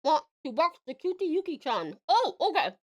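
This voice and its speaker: A woman's voice: sits high, big pitch swings, normal speed. A young woman from Australia chatting casually with her live-stream viewers while she works, giggling often. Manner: chatty, giggly, talks to chat while working.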